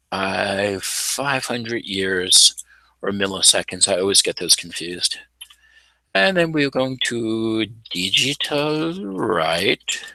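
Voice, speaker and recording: A man's voice: medium pitch, creaky, pushed and bright, no room sound. A man hosting a casual home electronics video, narrating his typing and soldering with playful, showman-like announcer asides. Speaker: maker channel host. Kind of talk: casual live coding and tinkering commentary.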